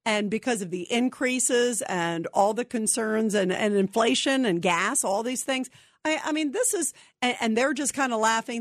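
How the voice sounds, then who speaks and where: A woman hosting talk radio, her voice a touch high and animated. She speaks with indignation and often restarts her sentences. The sound is close and dry from a studio mic. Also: normal speed, dry recording. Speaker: radio talk show host.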